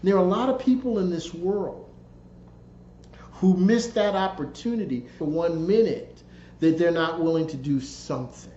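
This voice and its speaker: A man narrating his own book in a conversational storytelling way, relaxed and folksy, with restarts and repeated phrases. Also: high voice, normal speed, echoey room, highs cut off, a little hiss or hum.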